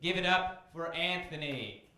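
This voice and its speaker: A man's voice: on the high side, expressive, measured pace. A man hosting an open mic night, casually introducing the next comics. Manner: casual announcing. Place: comedy club stage. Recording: very echoey club with faint noise.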